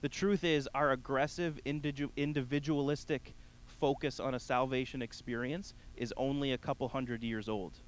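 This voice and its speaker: A man preaching a sermon, addressing the congregation directly, rising to emphatic peaks and then dropping to a soft, quiet close. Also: medium pitch, steady tone, normal speed, smooth, low-quality recording. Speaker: pastor.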